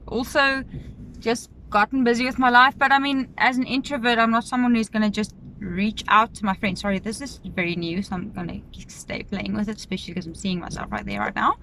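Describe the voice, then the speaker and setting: A South African woman talks into her phone camera from her car, her voice bright and forward and a touch high. She speaks in a casual, confessional way, emotional and rambling, often restarting her sentences. A faint vehicle hum sits underneath. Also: poor audio. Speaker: vlogger. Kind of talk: casual confessional vlog while driving.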